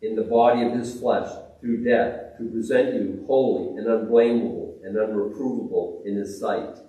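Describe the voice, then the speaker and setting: A man preaching a sermon, animated, swinging between loud exclamations and hushed reverence, with frequent restarts. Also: fairly low pitch, normal speed. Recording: very echoey, distant mic.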